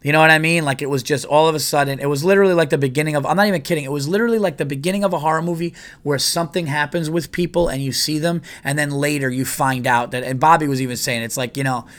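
A man's voice: fairly high pitch, fairly even intonation, very fast, hardly any pauses, a bit bright. Rambling, profane male podcast host. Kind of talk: casual storytelling.

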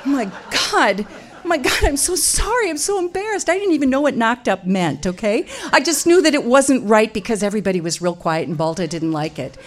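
Animated Midwestern woman telling a comic story. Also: a little fast. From Wisconsin, USA. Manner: animated, self-mocking, jumps into loud high quoted voices.

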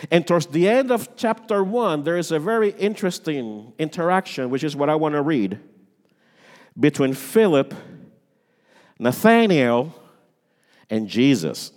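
A man preaching a sermon as pastor, dramatic, swinging between loud lines and hushed ones. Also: on the high side. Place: church sanctuary. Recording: long reverb of a church hall.

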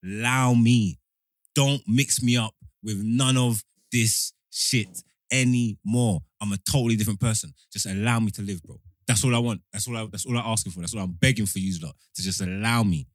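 A man's voice: on the low side, fairly even intonation, normal speed, no room sound, clean studio sound. A man co-hosting a casual chat show, talking emphatically and often repeating himself. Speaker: podcast co-host.

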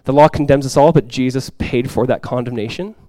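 A male pastor preaching a sermon to his congregation, swinging from loud, impassioned lines to quiet, soft ones. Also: medium pitch, a little fast, no room sound. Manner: impassioned preaching, swells loud for quoted cries then drops soft. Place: church sanctuary before a congregation.

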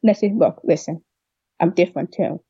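A young deaf woman telling a long personal story in an interview, replaying what people said to her with lively voices. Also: fairly low pitch, brisk, slightly rough, dry recording, muffled recording. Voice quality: deaf speech. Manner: rambling, animated retelling of dialogue. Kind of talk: casual storytelling.

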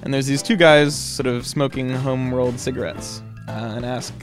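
A man's voice: mid-range voice, steady tone, normal speed, hardly any pauses, music in the background. A man telling a personal travel story in a casual, chatty way, with lots of ums and you-knows. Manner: casual and chatty, with many fillers.

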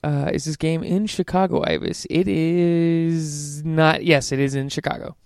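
Man, soccer podcast co-host, slightly high, smooth voice, dry close sound. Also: a little slow, dry recording. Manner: relaxed, loose chat with fillers. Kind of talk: casual sports chat.

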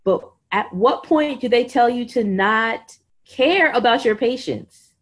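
A woman in her thirties, a podcast guest telling her own story in an animated, exasperated way. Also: fairly high pitch, slow. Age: 30s. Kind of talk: conversational storytelling.

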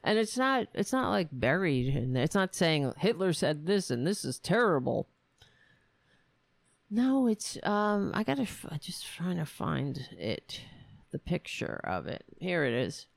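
A woman's voice: on the low side, big pitch swings, a little slow, gravelly, no room sound. A woman hosting a political commentary show, talking in a sarcastic, profane and exasperated way. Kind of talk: casual political rant.

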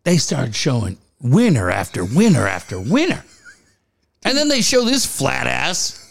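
A man's voice: medium pitch, unhurried, gravelly. A man co-hosting a casual podcast, swearing a lot as he tells stories. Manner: profane, animated storytelling. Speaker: co-host.

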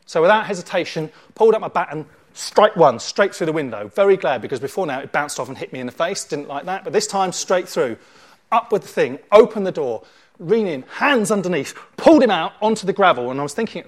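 A man's voice: fairly high pitch, fast talker. A man preaching a sermon and telling a dramatic story, acting out the scenes as he goes. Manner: animated storyteller, acts out scenes.

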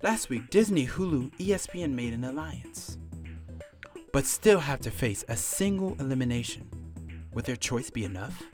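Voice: mid-range voice, voice pushed down, lightly acted. A comedian voicing a dramatic movie-trailer announcer with portentous rhetorical questions, in a parody of trailer narration.

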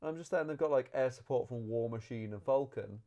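A man reviews a film in loose, casual chat. He is animated and rambles, often stopping mid-sentence to rephrase. His voice is dark and mellow. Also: mid-range voice, brisk. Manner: rambling, animated, self-correcting.

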